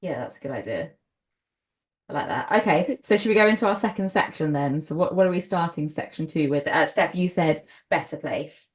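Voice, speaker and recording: A woman's voice: deep voice, lively intonation, brisk. A British woman hosting a fan podcast, enthusiastic and steering the chat with questions. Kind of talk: casual chat.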